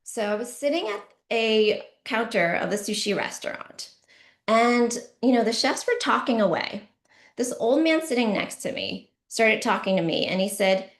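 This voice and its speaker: A middle-aged woman performing a stand-up comedy set, with deadpan punchlines and sudden shouty bursts. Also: on the high side, moderate pace. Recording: roomy echo.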